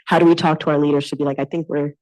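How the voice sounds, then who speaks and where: A woman's voice: deep voice, level tone, very fast, darkish tone, poor audio. A woman in the audience asking a presenter a question at a conference, politely and with some hesitation. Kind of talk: question from the floor. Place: conference room.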